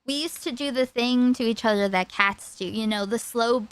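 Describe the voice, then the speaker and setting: A woman streamer telling a personal story in a rambling, animated way. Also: on the high side, normal speed, smooth. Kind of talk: casual storytime chat.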